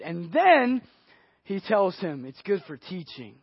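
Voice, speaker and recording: A male pastor preaching a sermon earnestly, swinging between hushed and emphatic delivery. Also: high voice, very animated, slow, breathy edge, dry recording. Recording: dry, dull lo-fi audio.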